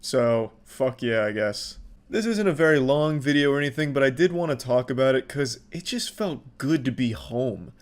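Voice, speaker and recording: A man's voice: mid-range voice, animated, normal speed. A man hosting a casual video commentary, sarcastic and profane. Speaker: commentary host.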